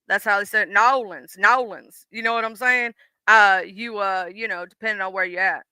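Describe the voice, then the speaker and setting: A woman with a Southern US accent chats casually on her live stream, calling out viewers by name in a folksy, easygoing way. Her voice is very bright and clear. The sound is close and dry. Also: medium pitch, no echo. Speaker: livestream host. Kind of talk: casual chat reading viewer comments.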